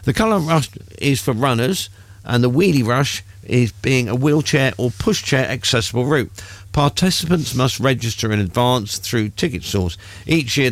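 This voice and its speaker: A middle-aged man hosts a local radio show, reading community listings between easygoing banter. His pitch moves a lot as he talks, with a wry, dry humour. The sound is close and dead, with no room echo. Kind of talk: casual radio chat with local announcements.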